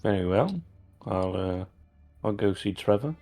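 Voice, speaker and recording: A man's voice: lowish voice, animated, unhurried, mellow, soft background music. A man playing a tabletop game who speaks in character in a hesitant, polite way. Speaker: player.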